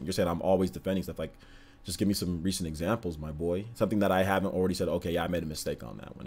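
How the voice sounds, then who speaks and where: A young man hosting a livestream, talking calmly and flatly to his chat, with lots of fillers and repeated phrases. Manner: calm, monotone, low-energy delivery. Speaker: livestream host.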